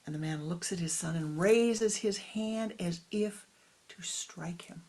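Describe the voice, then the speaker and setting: A woman's voice: fairly low pitch, a little slow, a little mellow, low-quality recording. A woman spiritual teacher telling a story dramatically in a dharma talk, often in a half-whisper.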